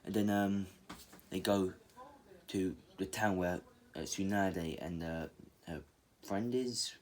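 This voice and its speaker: A man's voice: low voice, slow pace. A man casually retelling a fan story, rambling and full of fillers and restarts.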